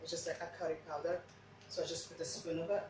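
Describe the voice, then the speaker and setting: A woman's voice: deep voice, flat delivery, fast, heavy reverb, distant mic, background noise. A woman who speaks English as a second language, chatting casually through a cooking demo with lots of restarts. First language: not English. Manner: chatty, rambling, frequent restarts. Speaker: home cook. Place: home kitchen.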